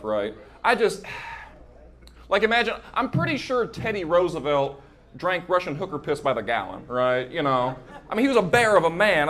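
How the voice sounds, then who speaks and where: This young comedian's voice is fairly high and fairly bright as he does a stand-up set into a handheld mic at a club. He chats with the audience and works them, repeatedly asking "right?"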